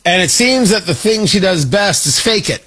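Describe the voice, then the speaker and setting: A man's voice: high voice, expressive, normal speed, fairly bright tone, husky. A man hosting a talk show, delivering a sarcastic, mocking monologue with frequent restarts. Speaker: talk radio host.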